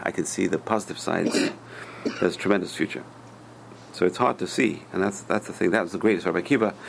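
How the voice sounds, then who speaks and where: A man teaching a Torah class, telling stories in an animated way and swinging between loud and hushed delivery. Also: mid-range voice, gravelly, a little hiss or hum. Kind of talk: storytelling sermon.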